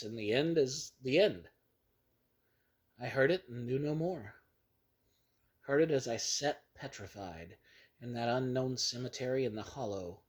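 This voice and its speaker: A man narrating a horror story in a grave, measured storytelling manner. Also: mid-range voice. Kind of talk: dramatic reading of a horror story.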